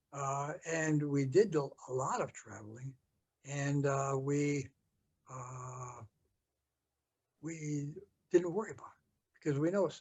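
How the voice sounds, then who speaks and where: An older American man telling a story from his past in an interview, halting with many fillers and restarts. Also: on the high side, darkish tone, slightly rough. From United States. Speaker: interview guest. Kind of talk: storytelling recollection.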